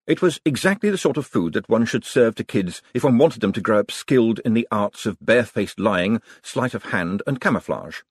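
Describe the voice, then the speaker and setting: A man doing wry, animated audiobook narration. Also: on the low side, normal speed, hardly any pauses, husky, dry recording, clean studio sound.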